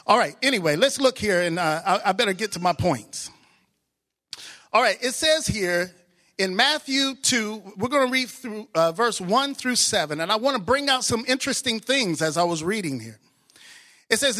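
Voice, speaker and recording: A married man preaching a sermon, excitable, swinging from soft asides to loud exclamations. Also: high voice, moderate pace. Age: adult, married with children.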